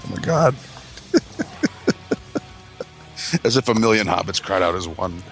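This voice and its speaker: A man's voice: low-pitched, big pitch swings, a little slow, creaky, soft background music. A man joking and swearing in a casual podcast conversation. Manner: joking, profane. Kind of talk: casual chat.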